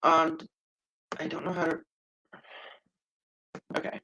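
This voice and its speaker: A man's voice: fairly high pitch, completely flat delivery, takes it slowly, sharp tone, lo-fi sound. A man hosting a casual live-streamed talk show, hesitant and rambling, with lots of fillers and the odd swear word.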